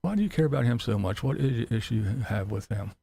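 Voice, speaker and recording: A man's voice: medium pitch, expressive, fast, vocal fry, dark tone, slightly rough. A man hosting a livestream commentary show, ranting in a sarcastic, mocking way, swearing freely and laughing often. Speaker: commentary channel host. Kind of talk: profane livestream rant.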